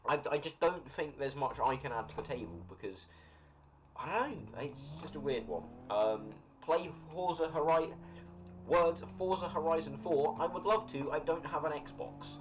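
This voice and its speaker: Chatty British man with a lively voice. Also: a little high. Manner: rambling, chatty, reads and answers chat comments, quick to laugh. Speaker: live streamer. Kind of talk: casual live-stream chat while gaming. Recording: noisy home recording.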